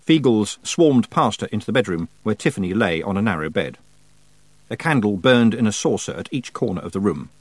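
A man reading an audiobook in measured scripted narration. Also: lowish voice, sing-song, no echo. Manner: measured storytelling.

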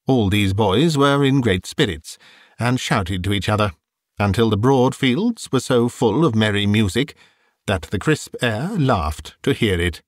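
A man narrating a classic novel as an audiobook, in expressive, measured storytelling. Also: on the low side, no echo, clean studio sound.

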